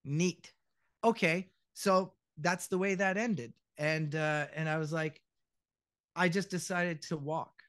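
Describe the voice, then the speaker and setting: A middle-aged man with a fairly high voice tells stories on a podcast, acting out every quote and swearing freely. The sound is close and dry, with no room around it. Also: a little slow, clear, resonant tone, no echo. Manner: animated storyteller, acts out quotes, swears freely. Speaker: podcast guest, voice actor. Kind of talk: casual podcast chat.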